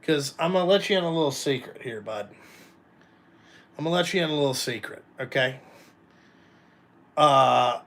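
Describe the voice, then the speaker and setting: In a casual live chat, a trucking company owner and vlogger rambles between topics, cursing frequently and talking bluntly straight to his viewers. He has a mid-range, slightly bright voice, animated and moderately paced, with frequent pauses.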